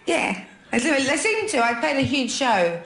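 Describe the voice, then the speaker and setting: A woman's voice: high-pitched, sing-song, normal speed, a bit bright. A young woman from London with a Cockney accent, answering interview questions casually, giggly and hesitant with many fillers. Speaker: guest. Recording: echoey room.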